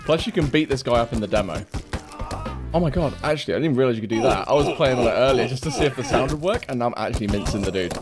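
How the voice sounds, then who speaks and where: A man streaming a fighting game, reacting loudly, repeating himself and laughing often. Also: medium pitch, expressive, quick pace, over loud music. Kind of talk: excited gameplay commentary.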